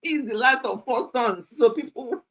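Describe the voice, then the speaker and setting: Lively Nigerian woman in her sixties. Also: fairly high pitch, moderate pace, low-quality recording. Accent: Nigerian English. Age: 60s. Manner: animated, chatty, laughs often, slips into pidgin. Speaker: health channel host. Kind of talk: livestream storytelling. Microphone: streaming setup.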